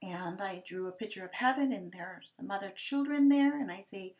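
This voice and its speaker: A woman in her forties giving a personal testimony talk for a ministry, gentle and halting, with hesitant restarts. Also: medium pitch. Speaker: ministry speaker sharing testimony.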